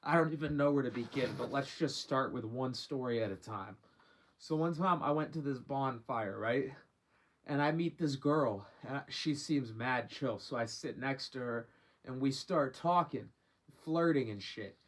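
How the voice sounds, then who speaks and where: A man's voice: medium pitch, moderate pace. Slangy young man telling a story. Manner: slangy, rambling, cusses freely. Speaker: vlogger. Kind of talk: casual storytime monologue.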